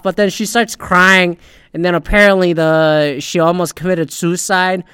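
A man's voice: a little high, normal speed, fairly bright tone, clear, resonant tone, no room sound, clean studio sound. A man ranting in casual, rambling commentary, sarcastic and swearing constantly as a podcast host. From Asian heritage.

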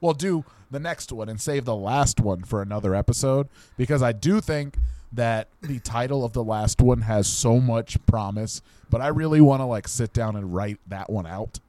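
A man's voice: normal speed, mellow, no room sound. A man co-hosting a comedy podcast, talking in a loose, rambling way. He spins silly invented movie plots, stopping often for ums and little asides. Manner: rambling, pitching absurd made-up movie plots. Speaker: podcast co-host; teacher. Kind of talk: casual comedic chat.

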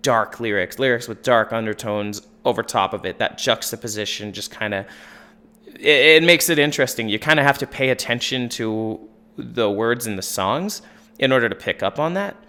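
A man on a podcast panel, chatting casually about an album in a relaxed, rambling way with lots of fillers. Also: medium pitch, moderate pace. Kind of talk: casual album review chat.

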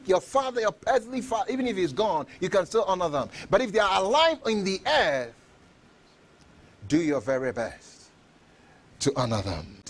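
A man preaching a sermon with emphatic delivery, repeating phrases and bursting into shouts. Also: sits high.

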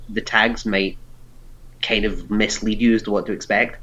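A man's voice: fairly low pitch, fairly even intonation, moderate pace, pushed and bright, muffled recording. A man co-hosting a podcast in casual chat, talking earnestly and rambling with fillers. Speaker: podcast co-host.

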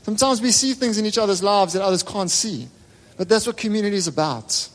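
Pastor, male, high-pitched, emphatic repeating preacher, loud-soft swings, long church-hall echo. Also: fast talker. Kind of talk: sermon.

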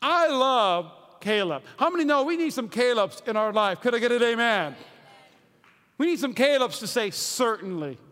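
A man preaching a sermon, energetic, swinging between shouts and hushed lines. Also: very high-pitched, moderate pace, clean tone. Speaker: pastor. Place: church hall. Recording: reverberant hall.

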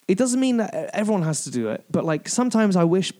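A French man talks comedy with fired-up, swearing energy, tossing in acted-out quotes mid-rant. His voice sits on the higher side for a man. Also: big pitch swings, fast talker, warm tone. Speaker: comedian podcast host. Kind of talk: casual chat.

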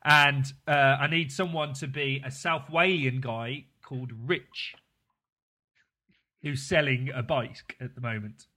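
A man's voice: mid-range voice, steady tone, measured pace, pushed and bright. A man hosting a casual podcast chat, talking freely and laughing often. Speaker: podcast host.

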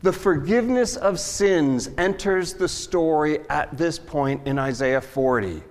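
A man preaching a casual, self-deprecating sermon with a fairly high voice. He talks in a conversational way and acts out quoted lines. The sound carries a long hall reverb. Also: animated, a little slow. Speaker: pastor. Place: church hall with audience.

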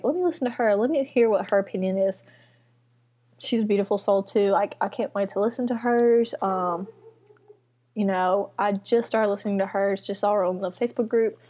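A young woman hosting her first solo podcast from her apartment, chatting in a rambling, nervous and excited way with lots of fillers. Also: mid-range voice. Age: young adult. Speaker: podcast host. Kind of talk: casual solo podcast chat. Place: student apartment. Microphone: computer mic.

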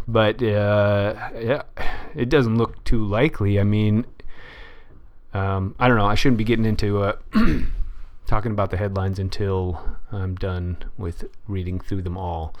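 A man's voice: on the low side, fairly even intonation, a little slow, a little mellow. A man hosting a casual solo podcast, reading news headlines aloud and thinking aloud with many fillers and restarts. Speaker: podcast host.

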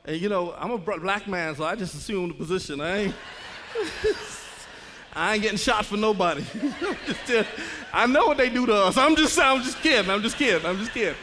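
A man's voice: high voice, moderate pace, a little hiss or hum. A man, an assistant principal telling a funny, dramatic story in church, laughing as he goes. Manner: animated, laughing, dramatic retelling. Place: church sanctuary. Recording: echoey church hall.

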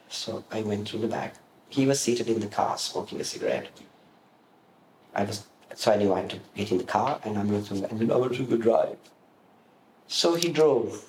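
A man answering interview questions, telling lively stories about his past and acting out the voices of the people in them. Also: medium pitch, moderate pace, long pauses. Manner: animated storyteller, acts out quoted voices. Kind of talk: reminiscing in an interview. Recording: roomy echo with faint room noise.

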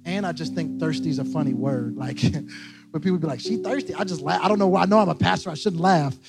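This young man's voice is on the high side, creaky, and he talks fast. Preaching a lighthearted sermon during a church service in a big room, he cracks jokes, laughs at himself, and repeats phrases over loud guitar music.

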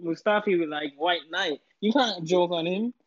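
A man's voice: sits high, normal speed, dry recording. Incredulous man on a muffled mic. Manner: incredulous, mocking. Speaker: podcast co-host. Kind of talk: casual banter about football.

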